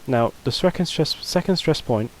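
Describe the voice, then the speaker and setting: A man's voice: on the high side, animated, moderate pace, a little hiss or hum, low-quality recording. A man teaching a casual video lesson, talking loosely with fillers and restarts. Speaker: language teacher.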